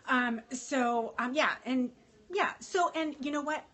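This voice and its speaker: A young woman with a slightly high, husky voice talks to her followers in a loose, chatty livestream. She sounds open and emotional, and she fills her speech with "um" and "you know.". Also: a little slow, a bit bright. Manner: chatty, emotional, many fillers, greets viewers by name. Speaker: fashion consultant livestreaming to followers. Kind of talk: casual livestream chat.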